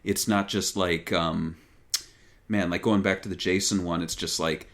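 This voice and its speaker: A man co-hosting a podcast, chatting casually about games with a relaxed, hesitant manner. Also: low-pitched. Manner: relaxed, hesitant, does quick impressions. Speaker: podcast co-host. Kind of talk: casual chat.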